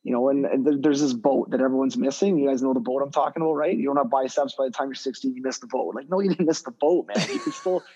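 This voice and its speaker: A man, a guest hockey skill development coach, talking casually on a podcast in a rambling, animated way full of fillers and restarts. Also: medium pitch, fast, few pauses, dull audio.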